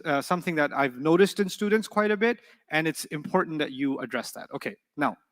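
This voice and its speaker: A man teaching an Arabic class live, animated and often asking his students questions. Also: high voice. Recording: long hall reverb.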